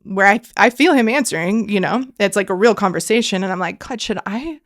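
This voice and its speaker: A woman's voice: mid-range voice, quick pace. Earnest woman telling a faith story. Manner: earnest, filler-heavy storytelling, often dropping to a hushed voice for quoted prayers. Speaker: podcast guest. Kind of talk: emotional personal faith story.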